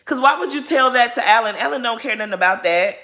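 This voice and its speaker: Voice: mid-range voice, expressive, quick pace, pushed and bright. A commentator giving sassy, casual reaction commentary on a reality show, talking straight at the cast.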